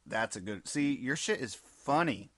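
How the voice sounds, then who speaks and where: Teasing, animated man cohosting. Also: medium pitch, measured pace, no room sound. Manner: teasing, swearing, jokey. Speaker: podcast co-host. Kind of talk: casual comedic chat.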